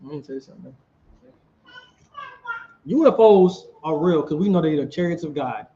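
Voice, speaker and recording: Animated high-voiced street preacher, a man. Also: moderate pace, muffled recording. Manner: animated, questioning the crowd.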